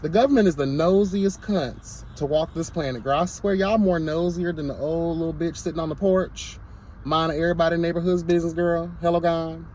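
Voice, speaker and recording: High-pitched sassy guy ranting on his vlog, dramatic and blunt. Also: fairly even intonation, brisk, a little mellow, slight background noise. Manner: sassy, emphatic, repeats "girl" and "hello, God". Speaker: commentary vlogger. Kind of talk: candid to-camera rant.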